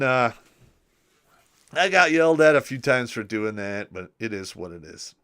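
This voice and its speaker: A middle-aged man hosts a casual livestream, swapping crude army anecdotes and chatting through viewer comments. His voice is bright and crisp, with a smooth, clean tone, and he often lets his phrases fade out at the end. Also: fairly low pitch. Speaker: livestream host. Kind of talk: casual storytelling and reading chat comments.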